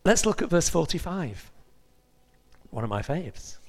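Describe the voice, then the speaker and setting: A man preaching a sermon in a lively, conversational way, with asides to his congregation. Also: fairly high pitch, a little slow, slightly rough. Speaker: pastor. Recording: reverberant hall recording.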